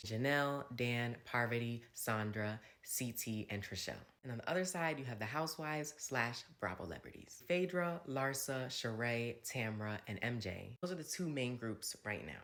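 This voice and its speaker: A man's voice: mid-range voice, moderate pace, few pauses, a bit bright. A man talks through a reality TV episode in a casual recap. His delivery is chatty and gossipy, sprinkled with playful asides. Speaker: recap host.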